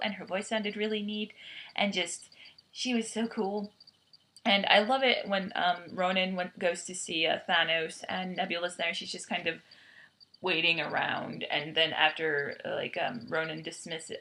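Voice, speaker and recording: A woman's voice: mid-range voice, a bit bright. A woman giving a casual, enthusiastic spoken film review, rambling and often restarting her sentences.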